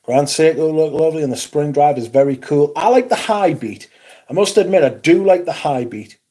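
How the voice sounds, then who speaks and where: A man's voice: on the high side, expressive, moderate pace, dark tone. A man around forty with a Geordie accent, hosting a casual livestream and reading out chat comments in a blunt, sweary, dryly sarcastic way. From Newcastle, England. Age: 40s. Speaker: livestream host.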